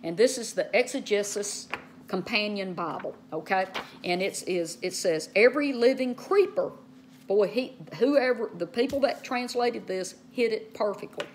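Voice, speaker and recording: A woman's voice: mid-range voice, slight background noise. Woman teaching Bible in easy chat. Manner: conversational, spells out words, frequent "okay" and "uh"; slows down to stress key words. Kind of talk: casual Bible teaching to camera.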